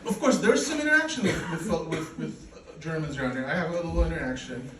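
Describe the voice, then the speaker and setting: A man in his forties, originally from Poland, performing a deadpan, self-deprecating stand-up comedy set on a club stage with a handheld mic. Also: a little high, fast talker. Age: 40s. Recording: echoey room recording from a distance, loud noise.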